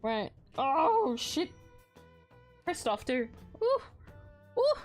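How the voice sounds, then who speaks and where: Excitable lady streamer, swears and laughs a lot, bouncy pitch. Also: extremely slow. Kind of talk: casual gameplay commentary. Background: faint background music.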